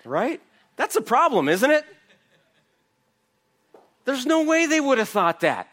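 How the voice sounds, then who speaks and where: A man's voice: very high-pitched, big pitch swings, takes it slowly, pauses often, a bit bright. A man giving an emphatic verse-by-verse Bible teaching, asking his listeners questions. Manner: emphatic, asks the audience rhetorical questions.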